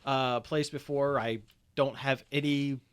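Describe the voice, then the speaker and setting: A man's voice: mid-range voice, steady tone, a little slow, smooth. A man hosting a podcast, chatting casually and rambling with lots of fillers and restarts. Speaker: podcast host. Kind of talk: casual chat.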